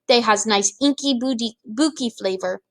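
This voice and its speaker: A woman doing a booming greedy giant. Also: moderate pace, no room sound, natural voice. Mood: gloating bully. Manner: booming, shouting insults. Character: huge brutish male giant, greedy and bullying.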